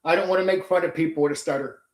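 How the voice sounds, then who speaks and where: A man's voice: fairly high pitch, fairly even intonation, racing, reverberant. A middle-aged man hosting a casual live chat, venting bluntly and swearing heavily. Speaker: channel host. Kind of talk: casual ranting livestream chat.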